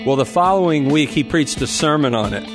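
A man answering a caller as a guest on a call-in radio show, earnest and animated, often laughing and repeating words as he thinks. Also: fairly high pitch, fairly quick, faint music behind.

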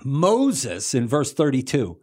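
A man walks through a scripture passage like he's chatting with a friend, tossing in slangy jokes as he goes. He jumps into quoted voices with real energy, then drops back to his easygoing teaching tone. His voice sits at an ordinary middle pitch. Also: takes it slowly. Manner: animated, acts out the crowd and Jesus in quoted voices; playful, slangy asides. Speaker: Bible teacher on a broadcast. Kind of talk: casual Bible teaching.

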